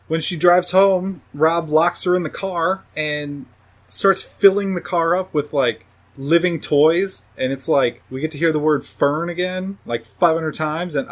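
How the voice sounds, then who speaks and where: Speaking a little slowly, a podcast film reviewer retells a movie's story in a relaxed, swear-filled manner. Every so often he raises his voice to impersonate characters.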